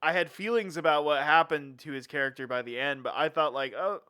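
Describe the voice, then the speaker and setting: A man's voice: on the high side, brisk, pushed and bright, clean tone. A man co-hosting a podcast, giving wry, chatty opinions on a movie and laughing easily. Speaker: podcast co-host. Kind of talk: casual movie review chat.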